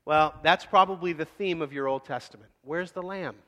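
A man preaching a sermon in a casual, animated way, acting out scenes. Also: a little high, moderate pace, long reverb tail. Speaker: pastor.

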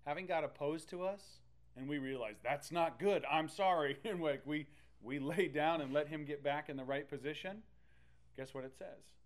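A man preaching a sermon in an animated, conversational way, with loud bursts and playful asides. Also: on the high side, moderate pace. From Texas. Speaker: pastor.

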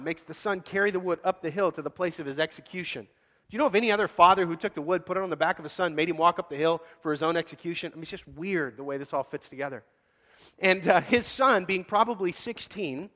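Animated preacher in an echoey hall. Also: male voice, sits high. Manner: casual, animated, acts out scenes. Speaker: pastor. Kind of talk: sermon.

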